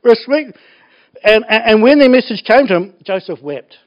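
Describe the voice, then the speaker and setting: A man preaching a sermon in an animated, joking way, laughing often. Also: sits high, normal speed. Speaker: pastor. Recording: dull lo-fi recording.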